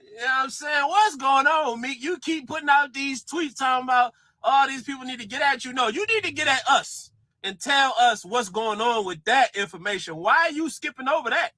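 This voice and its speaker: A man with a very high, piercing bright voice rants casually to camera. He teases and addresses his target directly. The sound is close and dry with no room. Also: normal speed, dry recording. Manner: teasing, addresses the subject directly. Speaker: commentator.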